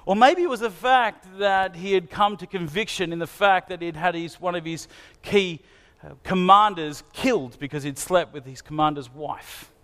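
A man's voice: sits high, moderate pace, a bit bright. A man preaching a sermon in an earnest manner, asking his listeners searching questions. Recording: long hall reverb.

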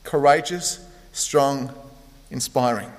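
A man's voice: medium pitch, slow pace, long reverb tail. A man preaching a sermon, telling stories in a conversational way with frequent fillers. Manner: conversational storytelling, many fillers. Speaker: pastor.

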